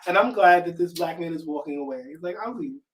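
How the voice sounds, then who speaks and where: A man's voice: fairly high pitch, fast, recorded from a distance, slight background noise, poor audio. A man co-hosting a casual review chat, chatty, laughing easily and acting out what people said. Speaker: podcast co-host.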